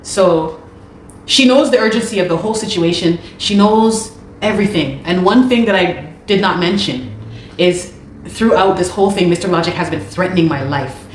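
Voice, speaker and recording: A woman's voice: fairly low pitch, normal speed. A woman, a musician, speaking urgently and repetitively to her viewers, pleading for their help. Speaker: musician and video host. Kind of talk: personal appeal to viewers. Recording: echoey room with faint noise.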